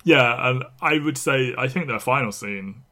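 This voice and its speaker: A man's voice: mid-range voice, measured pace, sharp tone. A man co-hosting a podcast, chatting casually about a film, laughing often and acting out the characters' lines. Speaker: podcast co-host.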